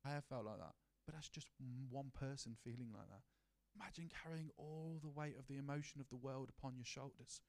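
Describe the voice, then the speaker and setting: A man's voice: mid-range voice, a little fast. Earnest man preaching a sermon. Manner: earnest, personal, drops to a hushed voice at times.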